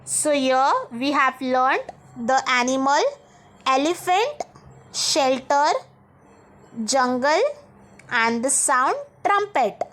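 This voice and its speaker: A woman's voice: sits high, a bit bright, soft background music. A woman teacher giving a lesson to young pupils, spelling each word out letter by letter and repeating it. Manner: slow, spells words letter by letter and repeats them.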